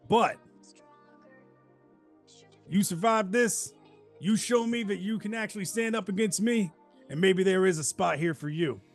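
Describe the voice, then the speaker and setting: A man's voice: high-pitched, pitched above the performer's own voice. A man doing a brash trash-talking wrestler. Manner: boastful, threatening promo delivery.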